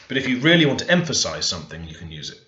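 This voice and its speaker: A man talking through a screen-recorded language lesson, unhurried and thinking aloud as he types. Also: low-pitched, sharp tone. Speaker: language learner teaching Korean. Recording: roomy, dull lo-fi sound. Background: keyboard typing and clicks.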